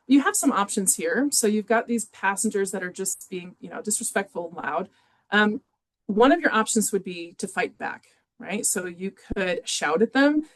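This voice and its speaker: A woman leads a teaching webinar in a relaxed, conversational way. She talks at a middling pitch, often pausing on small fillers as she works through examples. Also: slight background noise. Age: adult with children in youth sports. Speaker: webinar presenter. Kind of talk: educational webinar talk.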